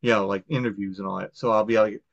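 A man's voice: fairly low pitch, fairly even intonation, fast, vocal fry, dry recording. A man from Long Island hosting a podcast in casual chat, rambling and swearing, with lots of fillers and restarts. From Long Island, New York. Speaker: podcast host. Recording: dull, lo-fi, dry sound.

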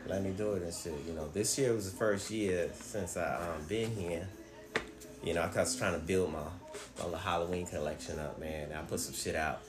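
A man telling stories in casual chat, profane and animated, acting out what people said. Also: sits low, moderate pace, echoey room, music in the background. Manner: profane, animated storyteller who acts out quotes.

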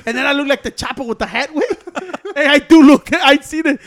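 Laughing high-voiced bilingual storyteller man. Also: a little fast. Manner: laughing, animated, swears a lot, mixes Spanish and English. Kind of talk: casual storytelling chat.

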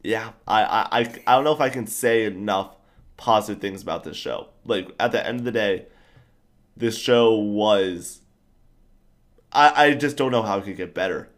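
Brief: young adult male co-host, low-pitched, loose and enthusiastic, rambles and spikes up when excited. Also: moderate pace. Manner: enthusiastic, rambling, animated outbursts. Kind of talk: casual TV show discussion.

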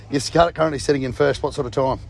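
Gravelly, joking man outdoors. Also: medium pitch, fairly even intonation, fairly quick. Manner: joking, teasing banter. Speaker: vlogger and amateur racing driver. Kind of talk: casual chat and teasing interview. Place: outdoor motorsport event. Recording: noisy outdoor recording.

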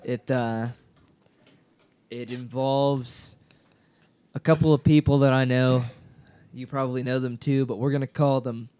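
A young man telling a crude locker-room story to friends on a podcast, laughing and shouting out the quoted lines. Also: medium pitch, steady tone, unhurried, long pauses, smooth. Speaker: podcast co-host. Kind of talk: casual storytelling among friends.

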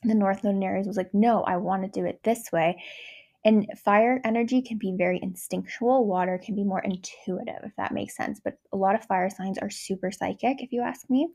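Young woman, astrology vlogger: low fry, mellow tone, loose rambling delivery with frequent swearing. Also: fairly quick, hardly any pauses. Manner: rambling, frank, swears freely, many "like" fillers. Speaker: astrology content creator. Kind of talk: casual monologue.

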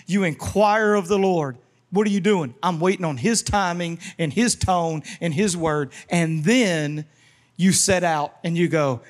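A man preaching as pastor, animated and leading his congregation in call-and-response, acting out prayers and voices of the people in his stories. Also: high-pitched, unhurried. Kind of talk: sermon.

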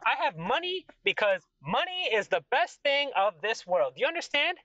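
A man doing a high, gushing, lively king in a tabletop game, greedy and touchy, muffled lo-fi audio. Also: normal speed, dry recording, exaggerated voice. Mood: boastful. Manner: gushing, high-pitched exclamations. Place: in his car.

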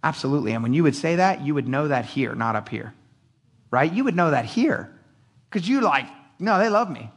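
Animated, high-voiced male pastor. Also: normal speed, husky. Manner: conversational, animated, acts out quotes, laughs often. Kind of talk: casual sermon.

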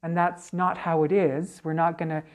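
Casting: low-pitched chatty woman, medium telling stories in an interview. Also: normal speed. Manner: chatty, animated, frequent okay and right tags. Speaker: psychic medium guest. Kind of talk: casual interview storytelling.

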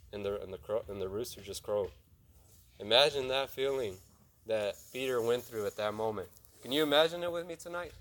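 A young man preaching a casual sermon, retelling a Bible story in plain talk, asking his listeners questions and acting out the lines of the people in it. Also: mid-range voice. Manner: conversational, asks the audience questions, acts out dialogue. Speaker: youth preacher.

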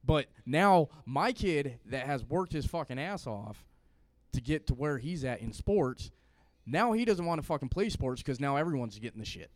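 A man's voice: medium pitch, big pitch swings, normal speed, no echo. A man from Louisiana, hosting a casual podcast, opinionated and rambling.

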